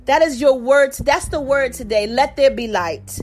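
Fervent high-voiced woman preaching. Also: moderate pace, hardly any pauses, darkish tone. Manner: fervent, repetitive declarations. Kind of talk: sermon and prayer. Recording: faint music behind.

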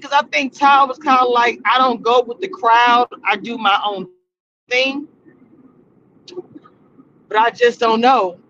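A woman hosting a casual livestream about a reality show, talking in animated slang and laughing often. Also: high voice, slight background noise. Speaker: entertainment reality-show review host. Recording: slightly muffled livestream audio.

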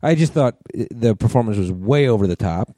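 A man's voice: on the low side, expressive, brisk, warm tone, no echo. A man co-hosting a podcast, giving blunt, profane opinions and laughing often. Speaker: podcast co-host. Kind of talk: casual chat.

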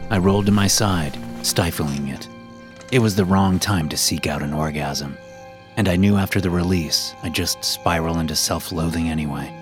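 A man narrating a first-person story in a measured, dramatic way. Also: sits low. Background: background music.

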